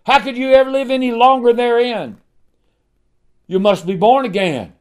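A man preaching a sermon, swinging from hushed, low passages to ringing emphasis, with rhetorical questions and repeated refrains. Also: normal speed.

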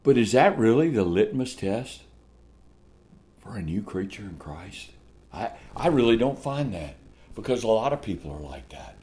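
A man preaching a sermon, swinging from shouted lines to hushed ones and laughing often. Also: lowish voice, sing-song, moderate pace.

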